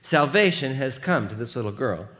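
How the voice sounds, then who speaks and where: A male pastor delivering a sermon at a mid pitch. His delivery is animated and emphatic, and he calls on the congregation to join in. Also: normal speed.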